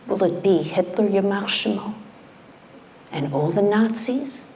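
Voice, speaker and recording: A middle-aged woman delivers a heartfelt sermon, unhurried and deliberate. Her low voice carries a gravelly edge, and she often sinks into a near whisper to drive a point home. A faint hiss sits under the recording. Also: fairly even intonation. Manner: impassioned, dropping to hushed whispers for emphasis. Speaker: speaker at a community event.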